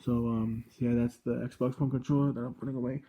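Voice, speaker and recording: A man in his twenties hosting a casual gadget review vlog from a room at home, rambling and halting, with constant self-corrections. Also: medium pitch, little pitch movement, lo-fi sound. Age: 20s. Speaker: channel host.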